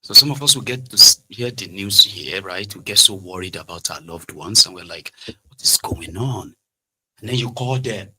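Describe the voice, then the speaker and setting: A middle-aged man with a Nigerian Yoruba accent, hosting a political commentary monologue in an animated way, slipping into Pidgin and Yoruba and acting out quoted exchanges. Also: on the low side, a little fast, few pauses, husky. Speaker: commentary show host.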